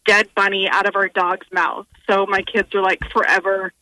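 A woman caller telling an exasperated, animated story by phone. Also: medium pitch, moderate pace, dry recording, poor audio. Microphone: phone line.

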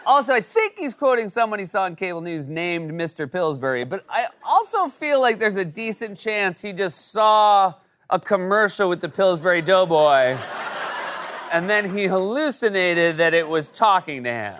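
A man's voice: high-pitched, very animated, moderate pace, a bit bright. A man hosting a late-night comedy show, delivering a scripted monologue with wry, punchy timing.

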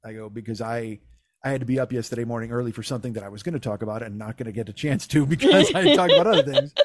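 A man's voice: medium pitch, very animated, very fast, no room sound, clean studio sound. A man hosting a podcast, telling a comic story in a profane, exasperated, self-mocking way. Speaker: podcast host.

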